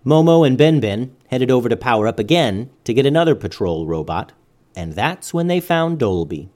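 A man narrating a children's story as host, in an expressive storytelling manner. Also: mid-range voice, moderate pace.

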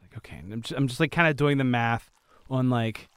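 A man's voice: medium pitch, brisk, smooth, no room sound. A man playing a tabletop game, talking in a casual, chatty way. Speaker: player.

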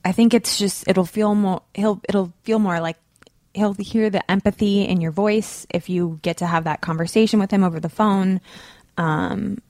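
A woman's voice: medium pitch, steady tone, moderate pace, a little mellow, dry recording. A young woman co-hosting a podcast, talking in a chatty, casual way with lots of fillers and restarts. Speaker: podcast co-host. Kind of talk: casual chat.

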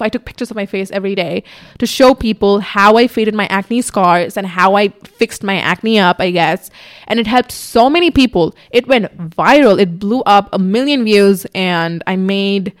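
A woman's voice: mid-range voice, moderate pace. A young woman hosting a casual podcast, telling her own story in a candid, chatty way, swearing freely and mimicking herself in quotes. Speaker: podcast host. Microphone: camera on a tripod in front of her.

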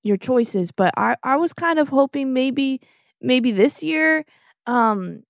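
A woman's voice: high-pitched, expressive, slow pace, gravelly, no room sound, studio quality, pitched above the performer's own voice, heavily acted. A woman voicing a timid young boy pig who stammers and hesitates, in improvised comedy role-play. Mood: hesitant. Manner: hesitant and stammering, full of ums.

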